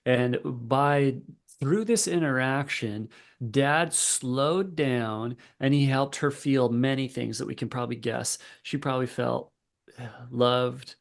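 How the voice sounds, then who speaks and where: A man, a therapist and podcast guest, telling a story in a relaxed conversational way with fillers. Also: mid-range voice, slow, creaky. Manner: relaxed, lots of fillers and restarts.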